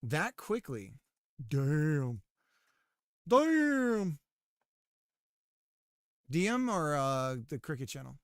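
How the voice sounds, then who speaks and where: A man's voice: medium pitch, big pitch swings, normal speed, hardly any pauses, a bit bright, no room sound, studio quality. A man streaming live while working on his game, chatting casually and teasing his viewers. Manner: joking, teasing his chat.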